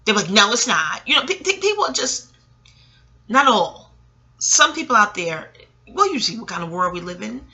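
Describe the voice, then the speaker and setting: A woman's voice: fairly high pitch, moderate pace, creaky, long pauses. A woman in her late forties telling family stories in a casual, rambling monologue, chatty and frank, arguing with herself and swearing. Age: late 40s. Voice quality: animated, talks back to herself. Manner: chatty,喜 laughing asides, profanity. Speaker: audio blogger.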